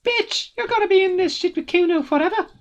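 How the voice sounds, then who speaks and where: A woman's voice: extremely high pitch, fast talker, voice pushed up. A woman voicing a cocky, foul-mouthed young boy who swaggers and talks about himself in the third person. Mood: taunting.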